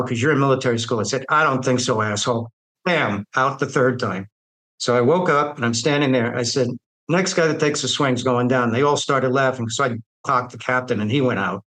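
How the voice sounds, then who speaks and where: A man's voice: medium pitch, poor audio. An older man bluntly retelling his own life story, with streetwise, quoted dialogue. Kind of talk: personal storytelling.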